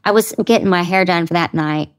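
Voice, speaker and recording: A woman guest on a podcast, chatting casually and telling animated stories. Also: lowish voice, fairly quick. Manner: animated storyteller, acts out others' lines. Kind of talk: casual conversation.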